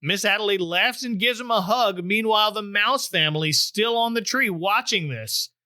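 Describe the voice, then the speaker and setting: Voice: mid-range voice, moderate pace, bright, forceful tone, dry recording. A podcast host retelling a story scene by scene, with wry joking asides. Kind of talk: recap chat, retelling the plot.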